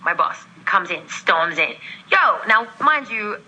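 Bright, animated woman telling a story. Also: mid-range voice, slow pace, slightly rough, dull audio. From Australia. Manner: animated, acts out quoted voices, laughs often. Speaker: guest. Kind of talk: storytelling in a podcast interview.

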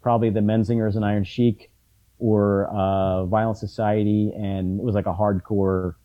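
A middle-aged man chatting casually about concerts, often halting and restarting his sentences with ums. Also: fairly low pitch, level tone, lo-fi sound. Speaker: punk fan in conversation. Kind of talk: casual chat.

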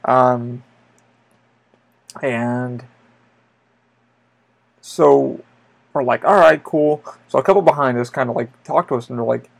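A man's voice: mid-range voice, fairly even intonation, takes it slowly, gravelly, long pauses. A man hosting a podcast, telling a story in a loose, rambling way, with lots of swearing and filler words. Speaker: podcast host. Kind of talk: casual storytelling monologue.

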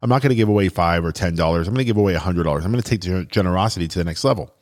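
Deep-voiced man telling a heartfelt story. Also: very fast. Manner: earnest, chatty, with restarts and fillers, getting choked up. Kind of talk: emotional personal storytelling.

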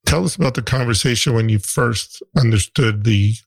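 A man interviewing a guest, asking gentle, hesitant questions. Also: medium pitch, normal speed, creaky, breathy edge, dry recording.

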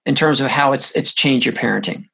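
Deep, gravelly, husky-voiced woman interviewer. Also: fairly bright tone. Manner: slow, hesitant questions with short backchannel replies. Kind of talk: casual interview.

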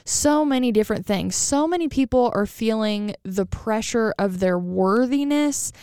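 A chatty woman hosting a podcast, talking in a casual, animated way. Her voice is smooth but has a gravelly edge, and it sounds close and dry. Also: a little high, measured pace, dry recording. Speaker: podcast co-host. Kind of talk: casual chat.

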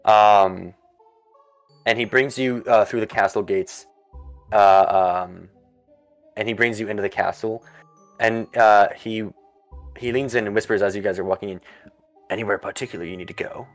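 A man with a fairly low voice runs a tabletop game as its game master. He narrates in a rambling way, full of fillers, and slips quickly into characters. Faint music plays behind him. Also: fairly even intonation, no room sound.

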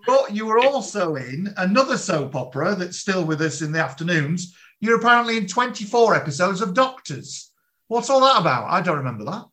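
A man interviewing an actor in a relaxed, conversational way. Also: high-pitched. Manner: conversational, quick bursts of questions. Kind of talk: casual interview chat.

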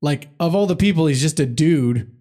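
Dude on a podcast, rambling and cursing a lot, slightly higher voice. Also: male voice, lively intonation, moderate pace, dark tone. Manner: profane, rambling, breaks into goofy impressions. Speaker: podcast co-host. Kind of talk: casual chat.

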